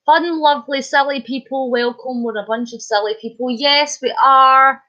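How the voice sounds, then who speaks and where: A bubbly Scottish woman chats with viewers during a live stream, her voice sitting a little higher than usual. The sound is dull and lo-fi, like a home stream. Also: steady tone, normal speed, pushed and bright. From Scotland. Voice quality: bubbly, chatty, laughs often. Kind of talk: casual live-stream chat.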